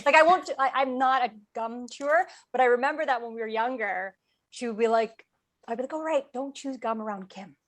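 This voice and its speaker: A woman co-hosting a casual chat, telling lively anecdotes with quoted asides. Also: fairly high pitch, fairly quick. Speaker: podcast co-host.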